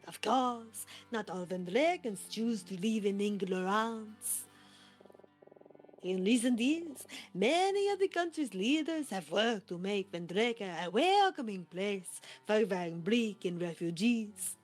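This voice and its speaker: A scholarly, nostalgic older professor, voiced by a man reading game dialogue on a live stream. He speaks slowly in a measured storyteller's cadence, his pitch pitched a touch higher than usual. Faint game music plays beneath him. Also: expressive. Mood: reflective.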